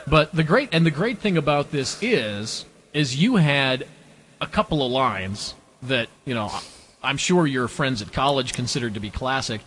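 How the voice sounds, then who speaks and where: A man's voice: mid-range voice, animated, moderate pace, fairly bright tone. A man hosting a podcast in casual chat, rambling, laughing and trailing off into mumbles. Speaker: podcast host.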